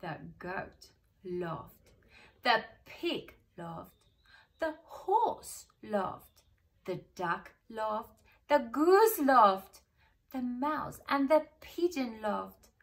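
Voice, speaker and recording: A preschool teacher reading a picture book aloud to children, expressive and pausing to ask her listeners questions. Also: a little high.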